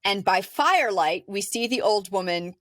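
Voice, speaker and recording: A woman's voice: medium pitch, animated, moderate pace, fairly bright tone. A woman co-hosting a podcast, casually recounting a film's plot step by step with a chatty, filler-laden manner. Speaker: podcast co-host. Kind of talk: casual movie discussion.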